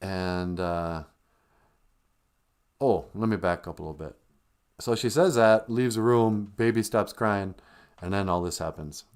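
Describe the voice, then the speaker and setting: A male live stream host with a fairly low voice recaps a film in a loose, chatty way. He rambles and jokes as he goes, filling gaps with casual asides. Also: unhurried, pauses often, a little mellow, clear, resonant tone. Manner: rambling, joking storyteller.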